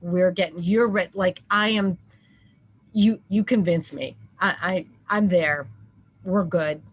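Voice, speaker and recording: A woman on a parent panel telling a personal story, halting and full of restarts. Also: on the low side, slight background noise, low-quality recording. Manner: halting, many restarts and fillers.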